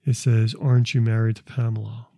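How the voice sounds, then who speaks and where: A man's voice: fairly low pitch, flat delivery, brisk, very noisy. A man who investigates the paranormal, talking casually through his recordings, rambling and repeating words as he restarts his sentences. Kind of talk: casual explanatory talk.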